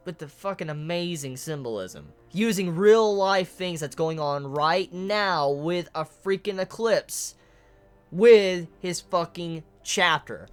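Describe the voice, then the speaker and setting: A manga reviewer giving a casual, emotional spoken chapter analysis, excitable and swearing often. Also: medium pitch.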